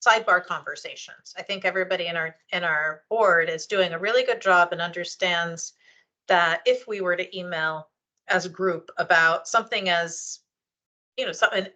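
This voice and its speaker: A woman leads a public board meeting over a video call, talking through procedure in a conversational, explanatory way. Her voice sits a little low but sounds bright and clear, with frequent ums and restarts. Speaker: meeting chair, library official.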